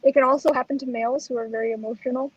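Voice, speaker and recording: A woman co-hosting a chat show, telling a personal story in a lively way and acting out the lines she quotes. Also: high-pitched, rapid-fire, dull audio, background noise. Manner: animated, acts out quoted lines. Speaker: co-host.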